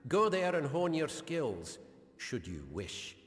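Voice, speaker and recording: A stern gnome captain. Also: male voice, fairly high pitch, big pitch swings, takes it slowly. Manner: formal, clipped, commanding. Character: stern male gnome garrison captain, militant. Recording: game audio with long reverb.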